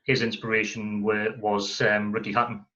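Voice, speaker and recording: A man's voice: fairly low pitch, flat delivery, normal speed, pushed and bright. A man hosting an interview, talking casually and hesitantly with plenty of ums. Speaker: interviewer, podcast host. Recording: dull lo-fi sound.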